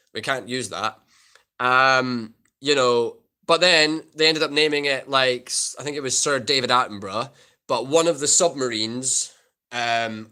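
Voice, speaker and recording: A man chats loosely with his live-stream viewers, rambling from one point to the next. His voice is bright and forceful. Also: mid-range voice. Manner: chatty, rambling, reads out chat. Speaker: guitar YouTuber live streamer. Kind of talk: casual live stream chat.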